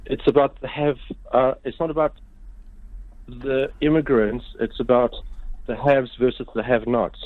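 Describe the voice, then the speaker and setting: A man's voice: medium pitch, little pitch movement, normal speed, no room sound. A man calling in to a radio show, rambling and losing his thread, heard over a phone line. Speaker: caller. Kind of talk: phone-in call.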